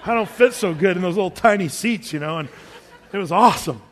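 A man's voice: high-pitched, lively intonation, brisk, fairly bright tone. A male preacher telling a personal story to his congregation, chatty and self-amused, often laughing. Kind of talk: storytelling sermon to a live congregation. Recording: long reverb of a big hall.

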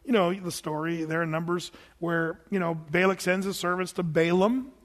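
Brief: man, high-pitched, chatty storytelling sermon, long hall reverb. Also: moderate pace. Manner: animated, conversational storytelling with fillers and repeats. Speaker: preacher.

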